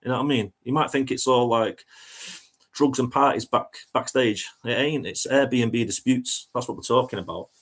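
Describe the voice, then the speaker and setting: A man's voice: mid-range voice, moderate pace, fairly bright tone. A man, a touring musician telling a story in a chatty, self-mocking way and laughing as he goes. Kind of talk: casual storytelling anecdote.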